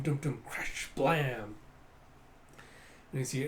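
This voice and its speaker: Animated man reading a comic aloud. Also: medium pitch, a little slow, creaky, pauses often. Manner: animated, describes panels and acts out lines. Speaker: reader of a comic. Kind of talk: casual comic readthrough. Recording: roomy echo, faint noise.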